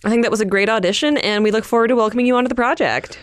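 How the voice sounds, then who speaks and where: A woman's voice: fairly high pitch, racing. Playful woman podcast co-host. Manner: teasing, laughs often. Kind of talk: casual comic-book chat.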